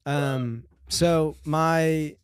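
A man chatting as a podcast guest, laid-back and joking, quick to laugh. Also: a little high, steady tone, smooth, dry recording, clean studio sound. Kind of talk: casual chat.

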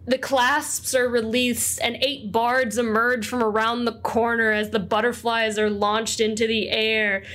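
A woman's voice: on the high side, fairly bright tone. A woman narrating a tabletop game as game master, rambling with many fillers.

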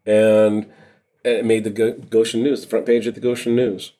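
A middle-aged man, a retired police officer, co-hosting a podcast and telling a long story in a rambling, animated way, swearing and laughing often. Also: on the low side, moderate pace. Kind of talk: casual storytelling chat.

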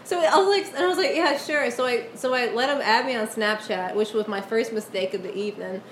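A woman's voice: a little high, quick pace, slight background noise. A young woman telling a rambling story in casual chat, with lots of fillers and giggles.

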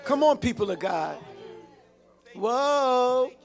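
A man with a high-pitched voice preaches a lively sermon, calling out to his congregation for responses. He repeats and restarts phrases as he builds a point. Soft music plays behind him. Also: slow pace, vocal fry, some chatter behind. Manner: animated preaching with call-and-response. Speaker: pastor.

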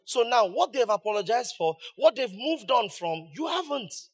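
High-voiced preaching pastor, man. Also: very animated, normal speed. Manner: preaching with rising emphasis, rhetorical questions, acted quotes. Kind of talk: sermon.

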